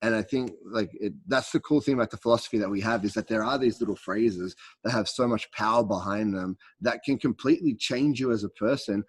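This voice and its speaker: A man's voice: fairly low pitch, fairly quick, hardly any pauses, husky, dry recording. A man hosting a casual interview, an eager listener who agrees often. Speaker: podcast host.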